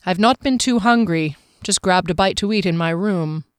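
A woman's voice: fairly low pitch, normal speed, no echo, clean studio sound, natural voice. A woman voicing a tired, short-tempered male captain who answers curtly. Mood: weary. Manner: tired and curt.

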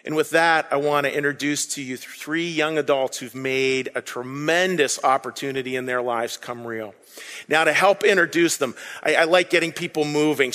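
High-voiced man preaching in a reverberant hall. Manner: animated, conversational preaching with sudden loud bursts and hushed dips. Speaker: pastor. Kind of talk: sermon.

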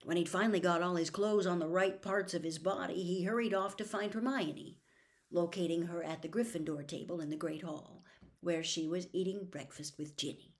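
A woman reading a novel aloud as a serialized storytime episode, softly, slipping into a whisper at tense moments. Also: fairly low pitch, fairly even intonation, moderate pace. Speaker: audiobook reader.

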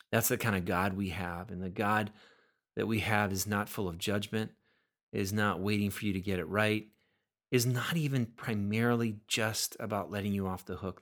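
A man preaching a sermon in a somewhat low voice. He talks earnestly, often repeating words as he builds toward a point. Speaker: pastor.

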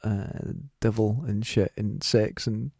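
A man's voice: on the low side, little pitch movement, slow pace, vocal fry, a little mellow, husky, no room sound, clean studio sound. A man with a Scottish accent, co-hosting a podcast in casual, enthusiastic chat. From Scotland. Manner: chatty, enthusiastic, swears freely. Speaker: podcast co-host.

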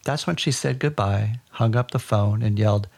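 A man narrating a personal childhood story for a podcast in a wry, deadpan way. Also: on the low side, moderate pace, creaky.

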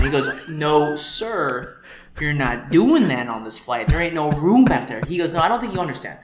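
Co-hosting a podcast, a man tells a story in casual conversation, animatedly acting out the people he quotes. His voice sits on the high side at a moderate pace, in a roomy space with slight background noise.

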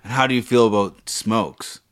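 Deep-voiced playful male podcast host. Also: moderate pace, fairly bright tone, clear, resonant tone, no echo, clean studio sound. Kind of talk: improvised comedy chat.

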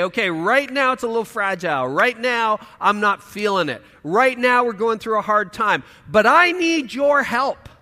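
Guy preaching, high bright voice, goes loud then real quiet, long hall echo. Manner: swings from loud emphatic lines to hushed quiet asides. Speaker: pastor. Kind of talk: sermon.

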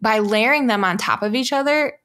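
A woman co-hosting a casual film review chat, animated and laughing, full of likes and ums. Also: a little high, fairly quick. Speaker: podcast co-host.

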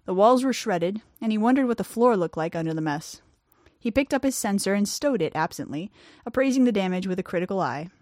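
A woman reads her own fiction aloud in a medium-pitched voice. She acts out each character's lines and pushes her voice up in the tense moments. The recording is close and dry, with no room sound around her. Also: lively intonation, brisk, darkish tone, no room sound. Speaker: author reading her own story. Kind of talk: expressive fiction reading.

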